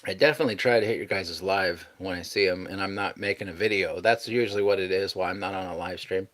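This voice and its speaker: A man's voice: sits low, fairly even intonation, fast talker, a bit bright. A man hosting a casual live stream, chatting easygoingly and thanking viewers as he reads out their messages.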